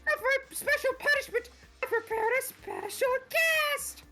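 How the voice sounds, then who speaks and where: Squeaky sadistic bear mascot. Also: male voice, moderate pace, over music. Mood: gloating. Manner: sing-song, mocking, gloating. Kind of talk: reading game dialogue in voices.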